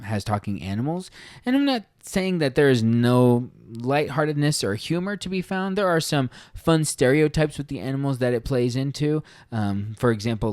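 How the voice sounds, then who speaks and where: An earnest man talks through a story in a relaxed, conversational book-review style. His voice sits at a middle pitch. The sound is dry and close, with no room echo. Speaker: podcast host reviewing a book. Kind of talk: casual spoken book review.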